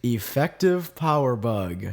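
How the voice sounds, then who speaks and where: Lively man hosting a tech podcast. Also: mid-range voice, slow pace. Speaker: podcast host. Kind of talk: casual tech podcast chat.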